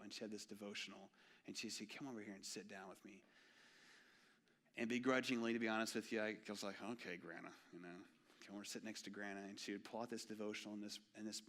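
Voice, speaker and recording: A young man preaching a sermon in a church, telling stories with a lively voice that rises for quoted exchanges and drops soft and low for solemn parts. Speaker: pastor. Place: church sanctuary.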